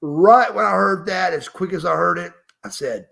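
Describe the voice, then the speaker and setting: A man's voice: sits high, animated, normal speed, vocal fry, few pauses, sharp tone. A middle-aged man, emphatic and profane, telling a story as a podcast guest. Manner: emphatic, profane, refers to himself by name. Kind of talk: storytelling interview.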